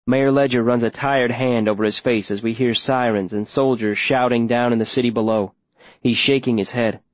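Male audiobook narrator, first-person storytelling, mid-pitched voice, dry close mic. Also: steady tone, normal speed, no room sound.

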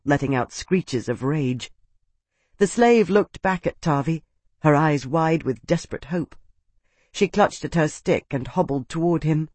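A man narrating a fantasy audiobook, with steady, vivid storytelling. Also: a little high, no room sound. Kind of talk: scripted narration.

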